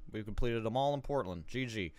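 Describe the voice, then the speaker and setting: This gaming video creator has a medium-pitched, expressive voice and a brisk pace. In his let's play commentary he reads a walkthrough guide aloud while playing, now and then stopping to crack jokes.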